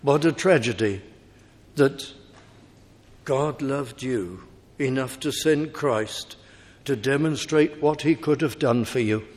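A man preaching a sermon slowly and emphatically, his voice climbing on appeals and questions. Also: medium pitch, darkish tone. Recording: long hall reverb.

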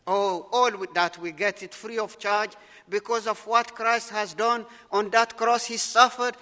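A man's voice: high-pitched, fairly even intonation, measured pace, pushed and bright. A man preaching a sermon with earnest, repetitive, emphatic phrasing. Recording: long hall reverb.

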